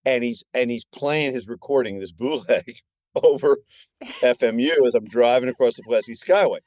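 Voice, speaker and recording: Man in his 60s, podcast guest, animated storyteller, dry close sound. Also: mid-range voice, moderate pace, dry recording. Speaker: guest filmmaker. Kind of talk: casual podcast chat.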